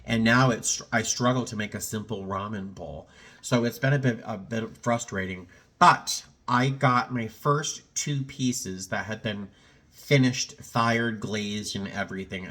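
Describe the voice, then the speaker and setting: A man's voice: fairly low pitch, fairly bright tone. A middle-aged man in a casual personal vlog, talking in a reflective, rambling way with many fillers and restarts, a little choked up. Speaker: vlogger.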